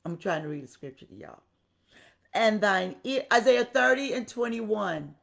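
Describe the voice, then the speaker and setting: A woman's voice: medium pitch, animated, moderate pace, vocal fry. A woman preaching a sermon with passion, repeating phrases for emphasis and talking straight to her listeners. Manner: talks directly to the congregation.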